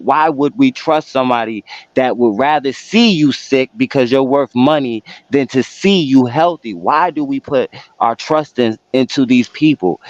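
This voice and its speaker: A man's voice: mid-range voice, no echo. A man on a podcast firing off rhetorical questions about whom to trust, his tone distrustful. The sound is dry and dull, as if from a cheap mic. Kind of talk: casual chat, ranting.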